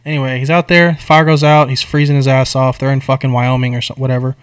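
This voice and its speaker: A young man chats casually on a podcast, recounting a film plot with lots of swearing and slang. His delivery is animated and jumps between quiet asides and loud emphasis. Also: medium pitch, fast talker, clean tone. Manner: animated, profane storytelling with slang. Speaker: podcast co-host. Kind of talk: casual chat, retelling a movie plot.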